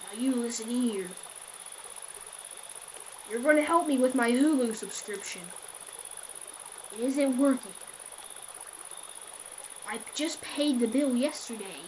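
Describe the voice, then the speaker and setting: A woman voicing a menacing male prank caller who makes loud, slow, bullying demands. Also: on the high side, a little hiss or hum, rough recording.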